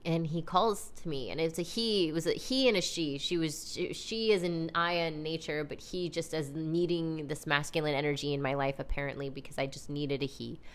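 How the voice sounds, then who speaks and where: A woman hosting a podcast, telling a personal story in a casual, animated, chatty way, full of "like" and "you know". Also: sits low, moderate pace, hardly any pauses, clean tone. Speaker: podcast host.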